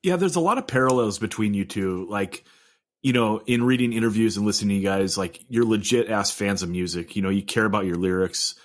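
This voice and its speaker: Low-voiced podcast host asking loosely. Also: male voice, fairly quick. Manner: loose, filler-heavy questioning. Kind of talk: interview questions.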